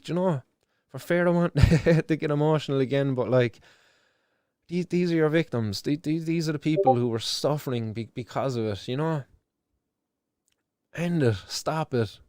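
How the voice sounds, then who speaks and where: An Irish man delivers fervent spoken commentary as a live show host, his voice sitting a little high for a man. He talks emotionally, swears freely and doubles back on his words as he pushes his point. The recording is dry, with no room echo. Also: normal speed, a little mellow.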